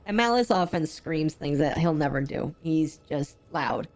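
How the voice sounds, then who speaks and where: A woman with a low-pitched voice talks over a game she is streaming. She rambles with plenty of ums, and she sounds unwell and drained of energy. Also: expressive, measured pace, darkish tone. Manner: rambling, frequent laughs and ums. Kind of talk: casual gameplay commentary.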